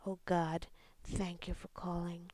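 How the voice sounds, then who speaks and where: A woman voicing an agitated, chatty woman in a poem reading, speaking quickly and emphatically. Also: medium pitch, steady tone, no room sound, lightly acted. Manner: quick, emphatic, rising to yells.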